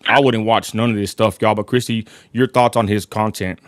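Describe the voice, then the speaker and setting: A man's voice: lowish voice, steady tone, normal speed, no room sound, studio quality. A man with a West Texan accent hosting a casual livestream, rambling and apologetic, constantly addressing his viewers as y'all. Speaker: livestream host.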